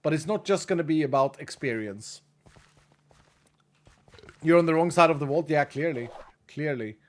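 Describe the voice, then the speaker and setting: Chatty male streamer, slightly high voice. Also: normal speed. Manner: chatty, laughs often, talks to chat. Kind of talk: casual live-stream chat while gaming.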